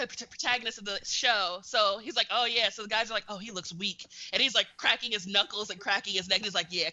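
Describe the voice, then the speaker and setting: A young woman co-hosting a podcast, telling a story in an animated, excitable way in casual chat. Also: medium pitch, no echo, highs cut off. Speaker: podcast co-host.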